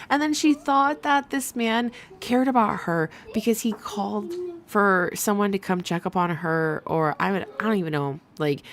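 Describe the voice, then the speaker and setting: A woman's voice: mid-range voice, a bit bright, slight background noise. A young adult woman hosting a casual commentary livestream, chatty and profane with laughing asides. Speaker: livestream host.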